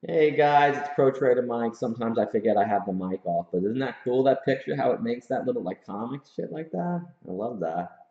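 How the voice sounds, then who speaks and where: A man's voice: mid-range voice, animated, a little fast, warm tone. A man hosting a casual livestream from his home office, hyped and slangy, often laughing. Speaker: host. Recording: roomy, slightly dull room sound.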